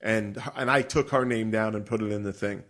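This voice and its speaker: A middle-aged man telling a story in a casual, profane and animated way, laughing as he goes. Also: on the low side, brisk. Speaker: podcast co-host.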